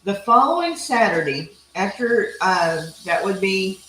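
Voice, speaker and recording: A woman's voice: medium pitch, big pitch swings, measured pace, pushed and bright, echoey room, slight background noise, poor audio. A middle-aged woman from Texas with a Texan accent, hosting a cooking live stream in a chatty, folksy way with rambling asides. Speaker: cooking show host. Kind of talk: casual live-stream chat while grilling.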